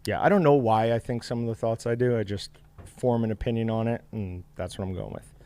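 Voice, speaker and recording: A man's voice: medium pitch, fairly even intonation, fairly quick, warm tone, clear, resonant tone. A man hosting a casual livestream, chatty and upbeat, reading viewer comments aloud. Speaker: livestream host.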